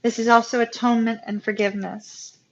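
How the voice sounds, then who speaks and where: Emotional tarot reader with a lilt. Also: female voice, fairly high pitch, little pitch movement, a little fast, highs cut off. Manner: emotional, talks to viewers as "y'all". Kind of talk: live-stream tarot reading.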